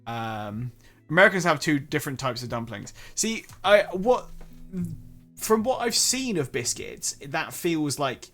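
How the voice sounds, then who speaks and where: A young man from England with an English accent, hosting a relaxed stream and chatting in a self-deprecating way that stumbles and restarts often. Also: fairly high pitch, unhurried, soft background music. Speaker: streamer host. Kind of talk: casual chat on a live stream.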